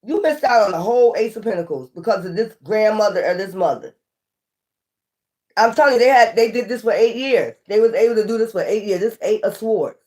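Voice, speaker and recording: A woman giving a casual, animated tarot reading, often scolding and repeating herself. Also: a little high. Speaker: tarot reader.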